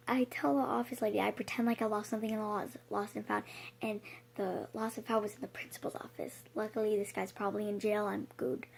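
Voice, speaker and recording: A woman's voice: on the high side, creaky, a little mellow, slightly rough. A young woman vlogger telling a personal story in a casual, emphatic, breathless way, with frequent fillers and swearing.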